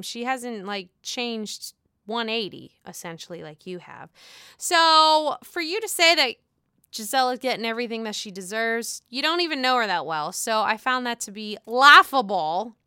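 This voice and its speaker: A woman's voice: on the high side, sharp tone, smooth, no echo, clean studio sound. A woman recapping a reality show episode in a casual, opinionated rant, swearing freely and sounding exasperated with the cast. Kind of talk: casual profane recap commentary.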